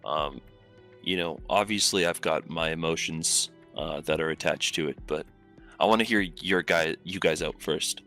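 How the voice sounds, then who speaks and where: Deep, bright-toned man playing his character. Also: moderate pace, faint music behind. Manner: hesitant, many fillers, laughs often. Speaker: player. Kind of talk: in-character tabletop role-play.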